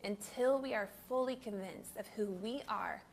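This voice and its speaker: A woman's voice: a little high, moderate pace. A woman guest in an interview conversation, talking in an earnest, reflective way and laughing easily. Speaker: guest, recording artist. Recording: faint background noise.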